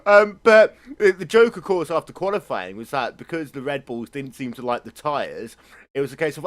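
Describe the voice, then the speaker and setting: A man's voice: fairly high pitch, expressive, normal speed. A man co-hosting a casual motorsport chat, rambling and opinionated, swearing freely. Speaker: motorsport show co-host.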